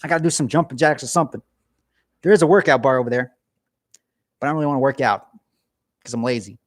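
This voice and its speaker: Talking fast, a male streamer rambles through jokes with his audience and pokes fun at himself during a casual livestream. He sits cold in his home garage, his medium-pitched voice coming across close and dry with no echo from the room.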